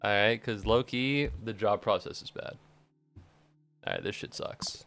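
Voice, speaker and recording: Rambling young man streamer, deep-ish voice. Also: unhurried, vocal fry, fairly bright tone, soft background music. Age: 20s. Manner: rambling, swears casually, laughs often. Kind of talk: casual live stream chat.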